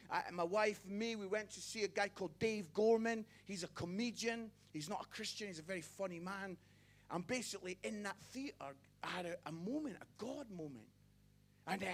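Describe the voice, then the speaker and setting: A young evangelist delivers a fervent sermon in a notably high voice for a man. He builds to loud, excited bursts, then drops to hushed confessions, and trips over his words with repeated stammered starts. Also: fairly quick. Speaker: evangelist preacher. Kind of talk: passionate sermon.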